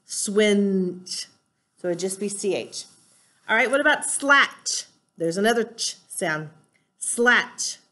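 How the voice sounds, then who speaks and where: A woman's voice: medium pitch, expressive, a little slow, pushed and bright. A woman teacher giving a recorded spelling lesson, patiently explaining rules step by step and spelling words out letter by letter.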